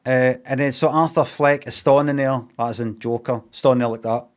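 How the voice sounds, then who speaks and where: A man's voice: medium pitch, fairly even intonation, a little fast. A man with a Scottish accent recapping a film in a casual, rambling way, swearing freely and filling gaps with ums and asides. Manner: sweary, meandering, with lots of fillers and asides. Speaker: streamer reviewing a film.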